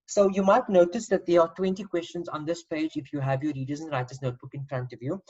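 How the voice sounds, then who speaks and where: A woman's voice: low voice, fairly even intonation, quick pace, darkish tone, dull audio. A woman teacher giving an online spelling lesson, patiently spelling out letters and repeating sounds.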